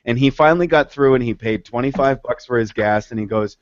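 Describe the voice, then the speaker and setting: A man's voice: mid-range voice, a little fast, hardly any pauses, dry recording, lo-fi sound. A man with a Massachusetts accent arguing his point insistently and swearing freely in casual podcast talk. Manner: argumentative, profane, insistent.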